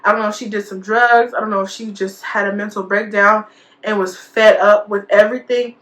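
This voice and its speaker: A woman's voice: mid-range voice, fairly even intonation, fairly quick, fairly bright tone. A young woman vlogger telling a school story in a casual, chatty way, full of fillers and quoted dialogue. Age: young adult.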